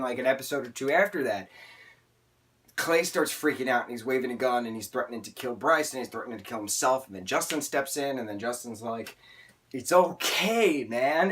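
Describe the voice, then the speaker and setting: A man's voice: medium pitch, a bit bright. A rambling, heartfelt male vlogger. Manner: rambling, heartfelt and openly emotional; tangents and filler words. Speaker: TV show reviewer. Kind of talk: casual vlog review.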